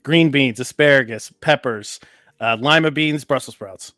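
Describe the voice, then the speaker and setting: A man's voice: medium pitch, unhurried, sharp tone, no room sound. Teasing man with a dry, close voice. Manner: teasing, runs the timer like a quizmaster. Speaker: co-host. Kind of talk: casual podcast chat and quiz game.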